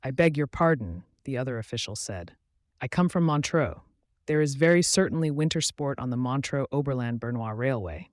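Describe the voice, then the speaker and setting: A man's voice: mid-range voice, expressive, fairly quick, dry recording, lightly acted. Brief: fussy, argumentative official, read by a male narrator, stiff and insistent, close dry sound. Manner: pedantic, insistent.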